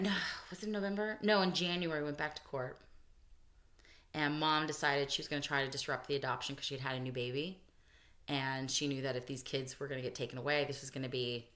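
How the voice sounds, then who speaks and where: A woman co-hosting a podcast, telling a personal story in casual chat and voicing the people she quotes. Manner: animated storytelling, voices quotes with big pitch jumps. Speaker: podcast co-host. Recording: echoey room, early podcast audio.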